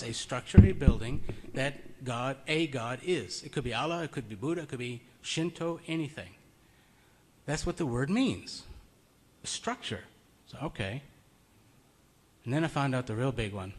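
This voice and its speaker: A man giving an informal, conversational sermon in a meeting room. He tells stories and chuckles often. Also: mid-range voice. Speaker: preacher.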